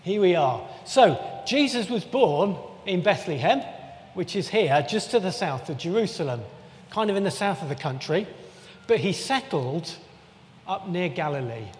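A man giving a relaxed, conversational sermon with jokey asides, often restarting his sentences. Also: high voice, moderate pace. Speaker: preacher. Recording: long reverb of a church hall.

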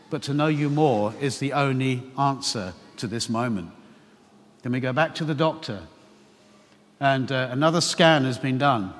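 A man preaching a sermon to his church, telling a personal story with animated, emphatic questions. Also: medium pitch, moderate pace. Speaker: pastor. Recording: long hall reverb.

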